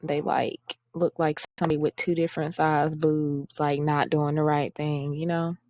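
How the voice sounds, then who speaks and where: Here a woman hosts a relaxed coding walkthrough over screen-share, chatting and poking fun at herself while she reads out the instructions. Her voice is deep and darkish, with little pitch movement, at a normal speed, recorded with no echo.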